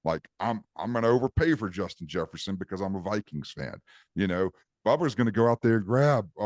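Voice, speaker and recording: A man's voice: mid-range voice, a little mellow, dry recording, clean studio sound. A man co-hosting a podcast, chatting casually and explaining things at length with many restarts. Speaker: podcast co-host. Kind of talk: casual chat.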